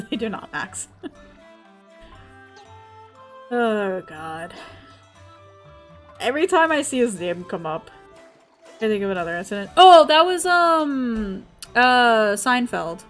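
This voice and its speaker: A woman's voice: fairly high pitch, sing-song, slow, long pauses, faint music behind. A young woman from the States, chatting casually as a game streamer, laughing often and swearing freely. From Southern United States. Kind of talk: casual chat while gaming.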